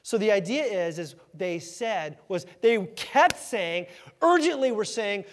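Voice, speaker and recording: Casual high-pitched pastor guy, super animated, echoey church hall. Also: unhurried, some chatter behind. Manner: animated, conversational, acts out quoted voices with shouts. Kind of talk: sermon. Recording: hall reverb.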